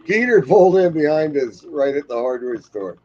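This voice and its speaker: A man co-hosts a relaxed weekend livestream, teasing his wife and laughing at his own jokes. His husky voice swings widely in pitch, a little tipsy, and the audio sounds dull and lo-fi. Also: moderate pace. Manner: joking, teasing, laughs often. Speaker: co-host of a livestream. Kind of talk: casual chat.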